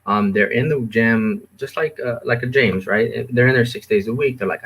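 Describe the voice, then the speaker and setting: A man's voice: medium pitch, normal speed, hardly any pauses, slightly rough. A man appearing as a guest specialist, giving casual coaching-style advice with lots of ums and restarts. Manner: relaxed, filler-heavy, coaching. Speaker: supplement store specialist guest.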